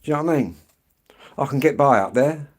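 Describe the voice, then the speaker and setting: An English man live-streaming on a walk outdoors, chatting casually with viewers in a rambling way and often clearing his throat. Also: medium pitch, lively intonation, quick pace. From England. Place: outdoors on an evening street walk.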